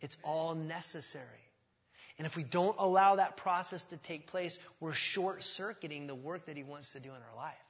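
A man's voice: fairly high pitch, normal speed. A middle-aged man preaching a sermon as pastor, impassioned and often rising to emphatic outbursts.

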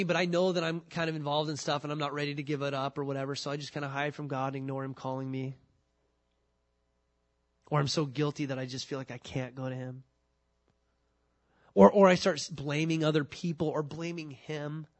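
Lively preaching man with a higher voice. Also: fairly quick. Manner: animated, acts out quoted excuses in voices. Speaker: pastor. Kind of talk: sermon.

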